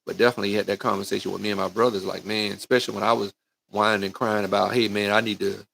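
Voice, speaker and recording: A middle-aged youth football coach speaks very fast in a lowish, gravelly, slightly bright voice with a level tone, with slight background noise behind him. In a folksy, preachy livestreamed motivational talk, he addresses parents and kids directly, constantly saying "right?" and "man."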